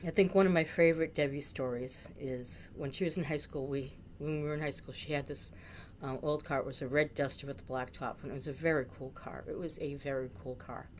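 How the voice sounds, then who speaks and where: A woman's voice: deep voice, steady tone, a little fast, a little hiss or hum. A middle-aged woman from Massachusetts telling a funny memory about a friend, with dramatic, jokey exaggeration. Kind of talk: storytelling tribute.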